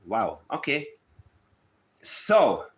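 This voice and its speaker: Hosting a true-crime livestream, this man addresses his chat with sarcastic, put-on emotion, reading letters aloud in a sugary, mocking way. His mid-range voice swoops wildly in pitch, moves very slowly, and has a fairly bright tone.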